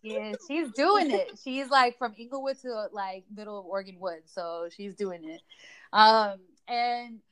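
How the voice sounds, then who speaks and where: A woman's voice: mid-range voice, unhurried, clear, resonant tone. Chatty woman podcast guest. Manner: relaxed, chatty, lots of likes and you-knows. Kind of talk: casual podcast chat.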